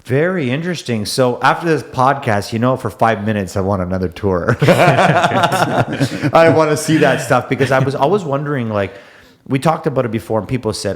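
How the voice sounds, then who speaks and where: A man's voice: medium pitch, normal speed. A man with an Eastern European accent co-hosting a casual podcast interview, talking with enthusiasm. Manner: enthusiastic, animated, often laughing. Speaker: podcast co-host. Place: manufacturing facility.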